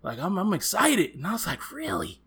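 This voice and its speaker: A man co-hosting a casual chat, telling stories with lively acted-out quotes and laughter. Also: sits high, a little fast, a crowd in the background. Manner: animated, acts out quotes with loud jumps and laughs. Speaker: podcast co-host.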